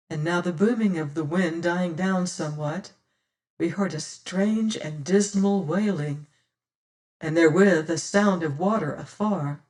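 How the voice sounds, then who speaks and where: A woman reading an old adventure novel aloud in measured storytelling narration. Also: fairly low pitch, a little mellow, far from the mic. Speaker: audiobook reader. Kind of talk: scripted narration.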